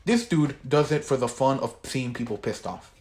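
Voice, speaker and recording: A man's voice: mid-range voice, expressive, normal speed, a little mellow. Teen male co-host, casual profane rant, rambling delivery. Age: teens. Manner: profane, rambling, gets worked up. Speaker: podcast co-host. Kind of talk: casual chat.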